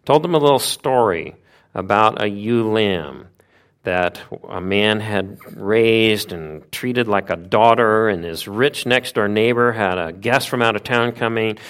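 Low-voiced man preaching a story sermon. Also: unhurried, clear, resonant tone. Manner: animated retelling with rhetorical questions.

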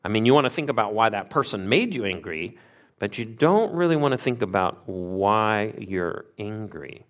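A lively, low-voiced pastor preaches a sermon at normal speed, speaking conversationally and asking the congregation questions.

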